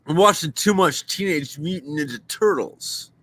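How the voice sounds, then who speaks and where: Rambling deadpan man on a dry mic. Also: fairly high pitch, moderate pace, breathy edge, dry recording. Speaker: podcast co-host. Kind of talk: casual chat.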